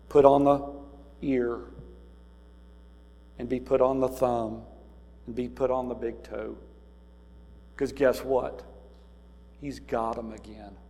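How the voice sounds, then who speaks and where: A man preaching a sermon, moving between quiet, musing passages and loud, emphatic cries. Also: medium pitch, gravelly. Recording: reverberant hall with faint mains hum.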